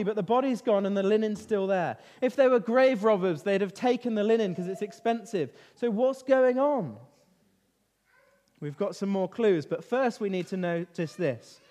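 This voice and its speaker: A man leading an interactive Bible lesson for children, lively and constantly asking them questions. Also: high-pitched, moderate pace. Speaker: children's talk leader. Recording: reverberant hall.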